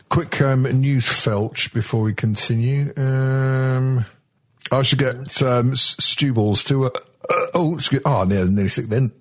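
A man's voice: medium pitch, slightly rough. A man hosting a comedy podcast in a rambling, sweary way, full of fillers and restarts. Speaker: podcast host. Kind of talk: casual comedy chat.

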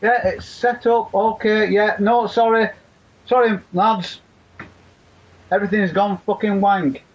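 A man from Leigh, near Wigan, England, with a Lancashire accent, chats casually as a guest on a podcast, rambling and swearing constantly. His voice is high with fairly even intonation at a measured pace. It was recorded on a laptop's internal mic, giving dull, lo-fi sound.

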